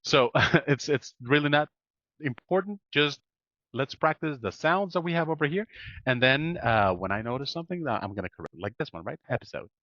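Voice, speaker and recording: A man's voice: mid-range voice, animated, brisk, fairly bright tone, no room sound, muffled recording. A man teaching English pronunciation one-on-one, patiently correcting and modeling sounds on a video call.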